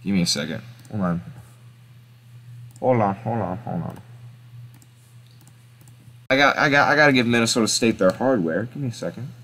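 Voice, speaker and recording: Young male sports host, low-pitched, casual and hesitant, thinking aloud with slang. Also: lively intonation, moderate pace, long pauses, a bit bright.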